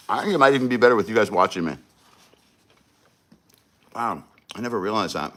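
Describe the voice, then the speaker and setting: A man's voice: fairly low pitch, animated, a little fast, long pauses, a bit bright. A man hosting a casual livestream, chatting to viewers in a laid-back, slangy way while eating. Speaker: livestream host.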